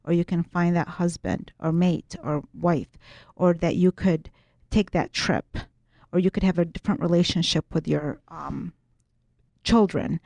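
A woman's voice: fairly low pitch, steady tone, unhurried, gravelly, dark tone, dry recording. A woman being interviewed as a guest, explaining her teachings earnestly and often restarting her sentences. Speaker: guest, writer and spiritual workshop teacher.

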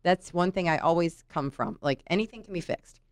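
A woman's voice: lowish voice, a little fast, no echo, clean studio sound. A middle-aged woman in casual conversation, talking through work stories and often checking in with "right?". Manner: chatty, tells anecdotes, frequent "you know" and "right?". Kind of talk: casual chat.

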